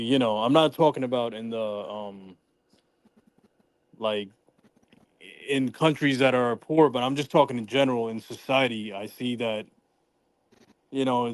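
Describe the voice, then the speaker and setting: A man's voice: medium pitch, normal speed, no echo. A man calling in to a live debate, rambling and hesitant, often repeating himself. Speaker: caller. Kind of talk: call-in debate.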